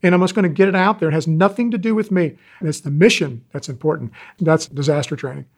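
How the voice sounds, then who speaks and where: A man in his sixties, an animal rescuer telling stories in an interview, animated and folksy. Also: a little high, fast talker. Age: 60s. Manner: animated, folksy storyteller, acts out quoted callers. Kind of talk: interview talk, storytelling.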